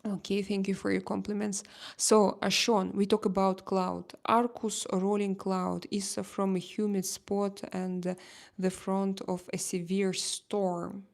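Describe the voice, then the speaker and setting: Slow, gravelly Russian-accented woman. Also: medium pitch, flat delivery. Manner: halting, many fillers and restarts. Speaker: livestream host. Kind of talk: casual livestream chat reading comments.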